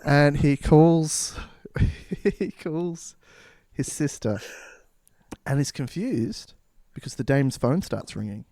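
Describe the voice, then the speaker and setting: A man's voice: fairly high pitch, expressive, dark tone, no echo. Playful man, close dry mic. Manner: playful, acts out characters with quick voice changes. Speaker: podcast co-host. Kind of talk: improvised comedic storytelling.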